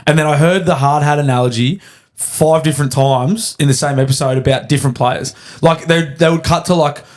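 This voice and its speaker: A man's voice: a little high, fairly even intonation, brisk. An Australian man hosting a podcast in loose, rambling chat, swearing often. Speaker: podcast host. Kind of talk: casual chat.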